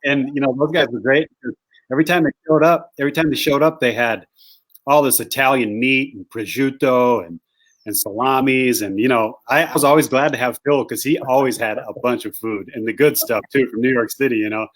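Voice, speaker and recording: A man guest, a hunting guide, telling a rambling, animated anecdote in casual conversation. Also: mid-range voice, fairly quick. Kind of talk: casual storytelling.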